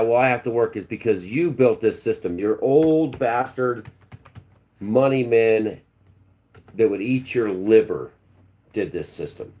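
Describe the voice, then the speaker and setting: Man, low-pitched, warm dark tone, combative, preachy, livestream monologue. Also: lively intonation, unhurried. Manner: preachy and combative, talks back to chat. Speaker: livestream host.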